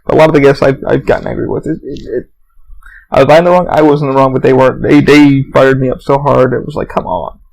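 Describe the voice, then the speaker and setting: A man's voice: medium pitch, steady tone, quick pace, creaky, darkish tone, poor audio. A young man hosting a solo podcast, rambling through stories with lots of swearing and fillers, acting out other people in raised voices. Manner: profane, rambling storytelling with many fillers. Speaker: podcast host.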